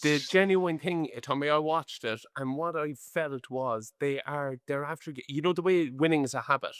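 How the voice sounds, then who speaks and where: An Irish man in his forties co-hosting a rugby podcast, talking in an animated, rambling, chatty way. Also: a little high, normal speed, smooth, dry recording, studio quality. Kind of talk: casual chat.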